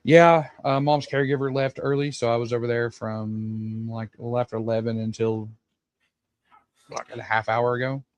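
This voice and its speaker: A man's voice: mid-range voice, little pitch movement, moderate pace, no room sound. A man chatting casually on a livestream, giving laid-back, brief replies. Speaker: guest on stream. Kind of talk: casual chat.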